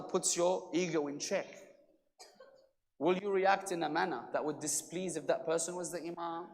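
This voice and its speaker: A man's voice: high-pitched, fairly bright tone. A man delivering a religious lecture, telling a story and acting out its dialogue with shifting volume. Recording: long hall reverb.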